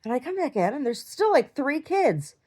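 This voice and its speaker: A woman's voice: high-pitched, sing-song, normal speed, a little mellow. A woman in chronic pain, telling a rambling video-diary story with lots of fillers and restarts. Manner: acts out quoted lines in a raised voice. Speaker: video diarist. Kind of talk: casual video diary, recounting a dream.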